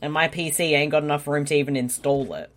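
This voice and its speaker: A woman co-hosting a podcast, chatting bluntly and excitedly through a movie commentary and swearing freely. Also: deep voice, quick pace. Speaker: podcast co-host. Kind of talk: casual movie commentary chat.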